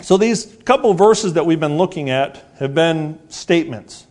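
An animated man in his forties preaches a sermon in a fairly high-pitched voice with a darkish tone. He is earnest and repetitive, asks rhetorical questions, and slows down to stress key words.

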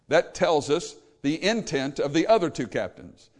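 Male pastor, animated sermon delivery, voice sits a bit high. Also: moderate pace. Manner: emphatic, animated, paraphrasing scripture with acted quotes.

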